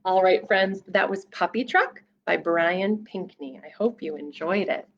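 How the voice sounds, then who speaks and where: A woman children's librarian reading a picture book aloud at storytime, playful and animated, with gasps and sound effects. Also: fairly low pitch, unhurried, highs cut off, slight background noise.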